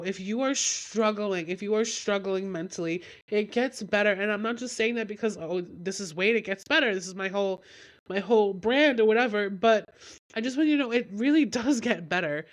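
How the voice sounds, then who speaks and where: A young woman hosting a solo podcast while getting over a cold, talking in a rambling, heartfelt way with lots of "like". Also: medium pitch. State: has a cold. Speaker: podcast host. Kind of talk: candid solo podcast talk.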